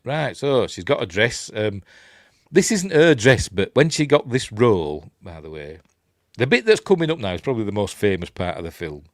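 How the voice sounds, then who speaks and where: A rambling Yorkshire man talks through a film in a casual review. His voice sits fairly low but swings widely up and down as he slips into the characters' lines. The sound is close and dry. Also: sing-song, normal speed, no echo. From Yorkshire, England. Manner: rambling and chatty, chuckling, acting out quoted lines in raised voices.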